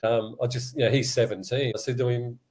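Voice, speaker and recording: A man's voice: medium pitch, level tone, brisk, a little mellow. A middle-aged man, a guest in an interview, speaking candidly and casually and laughing now and then. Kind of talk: conversational interview.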